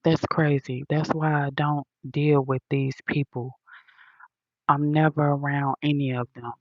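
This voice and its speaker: A woman's voice: deep voice, level tone, unhurried, no room sound, lo-fi sound. A woman hosting a livestream, answering comments in a blunt, profane, preachy rant full of slang.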